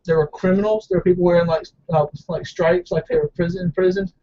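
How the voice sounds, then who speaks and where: Playful man with a high voice. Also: very animated, quick pace, gravelly, warm tone, muffled recording. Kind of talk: casual live broadcast chat.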